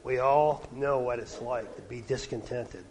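A middle-aged man from Canada preaching a sermon, his voice sometimes dropping to a hush. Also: mid-range voice, measured pace, a little hiss or hum, low-quality recording. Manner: varies loudness, dropping to a hush at quiet points.

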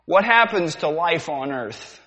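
A man's voice: a little high, expressive, a little slow, fairly bright tone. A man preaching a sermon, asking rhetorical questions and repeating them for effect. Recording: dull sound, long hall reverb.

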